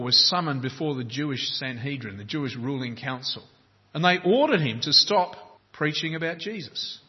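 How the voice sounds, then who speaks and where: A man's voice: fairly high pitch, breathy edge. Preaching man in a reverberant church. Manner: measured, slows for emphasis, explains terms plainly. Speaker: pastor. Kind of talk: sermon. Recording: dull lo-fi sound with long church reverb.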